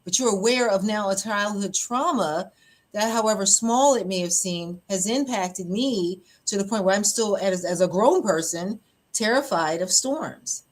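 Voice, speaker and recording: On the podcast she hosts, the woman pastor recounts a personal story with a medium-pitched voice at a measured pace, open and lively, often laughing as she acts out others' words.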